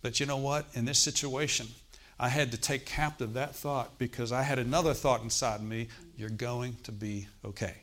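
A man's voice: mid-range voice, steady tone, moderate pace, hardly any pauses, fairly bright tone. A man preaching a sermon, telling a personal testimony in a conversational way and often checking in with the congregation. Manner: conversational preaching, frequent "Okay?" check-ins.

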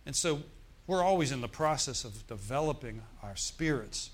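A man's voice: mid-range voice, lively intonation, normal speed. A middle-aged male pastor preaching a sermon in a church, telling a story with emphatic bursts.

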